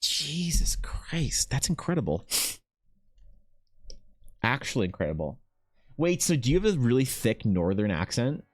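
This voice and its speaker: Reading chat aloud during his live stream, this young Canadian artist jokes, swears, and answers questions in a casual way. He has a medium-pitched, a little mellow voice with a sing-song quality, speaking at a moderate pace with long pauses.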